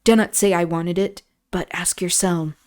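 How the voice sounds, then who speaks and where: A woman reading as a shy rough country lad. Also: lowish voice, fairly even intonation, darkish tone, lightly acted. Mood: sheepish. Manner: halting rustic dialect, hesitant. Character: awkward rough young countryman, shy and sullen.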